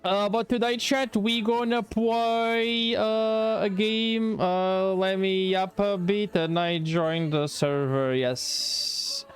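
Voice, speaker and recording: High-voiced excitable male streamer. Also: takes it slowly, few pauses, clean tone, soft background music. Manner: excitable, rambling, playful, swears freely. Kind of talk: casual live-stream chat.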